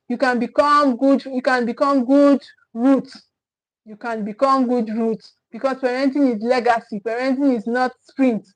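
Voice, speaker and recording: Emphatic high-voiced woman coach. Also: rough recording. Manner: emphatic and repetitive, preacher-like. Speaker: parenting coach. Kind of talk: motivational parenting talk.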